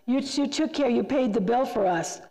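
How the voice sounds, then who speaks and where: Speaking at normal speed in a mellow, slightly high voice, a retreat speaker addresses a church group. Her style is conversational yet emphatic, with frequent repetition to drive points home, and the church hall's long reverb carries her words.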